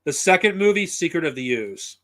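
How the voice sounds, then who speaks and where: A man's voice: a little high, sing-song, brisk, fairly bright tone. A man talking casually on a live stream, blunt and profane, rambling with frequent restarts. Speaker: streamer reviewing comics and films.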